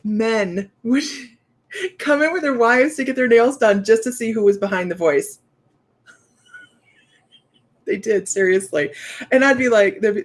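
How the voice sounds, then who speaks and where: A chatty middle-aged woman hosts a casual livestream and answers viewers as she goes. She sounds upbeat and laughs easily between remarks. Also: mid-range voice. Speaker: psychic medium livestream host. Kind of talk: casual livestream chat reading viewer comments.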